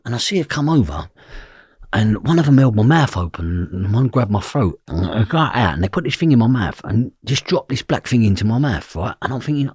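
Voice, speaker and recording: His mid-range voice is husky and darkish, expressive, moving at normal speed. This middle-aged man is a podcast guest recounting his story intensely and bluntly, cursing and often asking if you know what he means, in studio-quality audio with no room sound.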